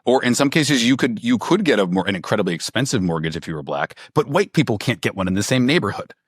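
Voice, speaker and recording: Low-voiced animated storyteller man. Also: quick pace, no room sound, studio quality. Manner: animated storytelling, acts out quoted people. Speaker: author and reporter, guest. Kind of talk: conversational interview answer.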